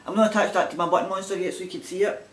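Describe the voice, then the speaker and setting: A woman's voice: medium pitch, fairly even intonation, very fast. Chatty Scottish woman in a roomy space. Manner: chatty and rambling, with frequent laughs. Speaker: knitting vlogger. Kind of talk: casual chat showing items to camera. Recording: roomy sound from a distant mic with faint background noise.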